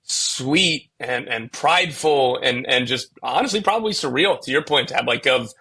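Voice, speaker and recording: A man's voice: mid-range voice, expressive, normal speed, vocal fry, sharp tone, breathy edge. A young man hosting a casual podcast, restarting his sentences and leaning on fillers as he asks questions. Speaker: podcast host.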